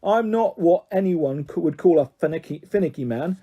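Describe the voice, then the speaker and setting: A man's voice: a little high, lively intonation, moderate pace, dark tone, breathy edge, dull audio. A man voicing a bullying middle-aged father who coaxes and sneers in a taunting, menacing way. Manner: taunting, mock-jovial then harsh.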